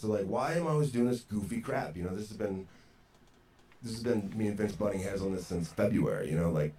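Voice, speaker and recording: Deep-voiced man telling a frank story. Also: darkish tone. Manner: frank, conversational, frequent "you know". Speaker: podcast guest. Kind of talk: casual storytelling. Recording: roomy echoey sound, faint background noise.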